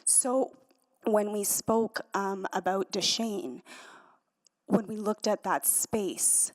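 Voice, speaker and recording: Woman, community rep at a council hearing. Middle pitch, earnest, measured, persuasive. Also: steady tone. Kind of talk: public hearing testimony, unscripted. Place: council chamber.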